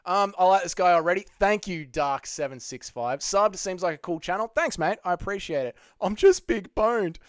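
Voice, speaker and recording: A man's voice: sits high, expressive, a little fast, hardly any pauses, clear, resonant tone, no room sound, clean studio sound. A young Australian man hosting a casual livestream, reading the chat aloud, joking and swearing freely. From Australia (Melbourne). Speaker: MMA channel host.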